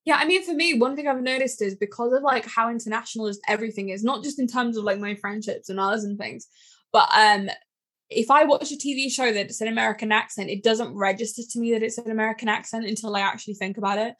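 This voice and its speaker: A young woman from York with a southern English accent, chatting casually and relaxed, with the odd casual swear. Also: a little high, fast. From York, England. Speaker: conversation partner. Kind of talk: casual chat.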